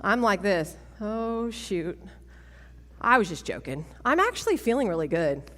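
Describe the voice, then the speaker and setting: A woman, giving a testimony talk at a women's church event, animated and self-mocking, laughing often. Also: medium pitch, unhurried. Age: 40s. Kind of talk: sermon-style testimony talk. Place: large church hall. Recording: long church hall reverb.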